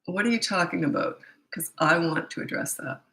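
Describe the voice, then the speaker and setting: A woman's voice: lowish voice, fairly quick, sharp tone, echoey room, rough recording. A middle-aged woman, a parenting coach answering viewer questions live, blunt and incredulous, often laughing and mocking the questions.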